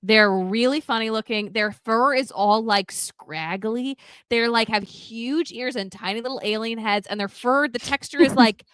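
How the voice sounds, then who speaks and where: A woman's voice: fairly high pitch, moderate pace, clean tone, no room sound. A woman co-hosting a podcast, recapping a film in casual chat, acting out the characters' lines and laughing often. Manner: animated storytelling, acts out character quotes, frequent laughs and fillers. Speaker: podcast co-host.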